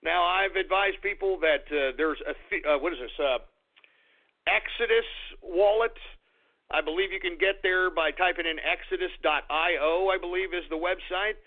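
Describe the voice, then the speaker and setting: A man's voice: high voice, normal speed. Emphatic man on tinny radio. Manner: blunt, emphatic, swears for emphasis. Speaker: radio host. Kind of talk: casual crypto market talk. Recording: tinny phone-like radio sound.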